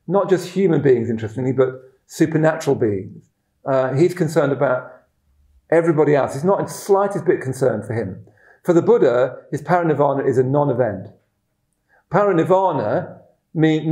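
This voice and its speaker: A man's voice: medium pitch, dark tone, roomy sound. A man from the West Midlands, giving a rambling, self-deprecating dharma talk full of fillers and restarts. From West Midlands, England. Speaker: Buddhist teacher.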